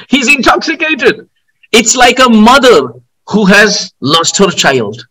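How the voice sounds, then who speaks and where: A man giving a devotional sermon, telling stories in an animated way, with outbursts and frequent laughter. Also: sits high, takes it slowly, husky, low-quality recording. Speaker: spiritual teacher.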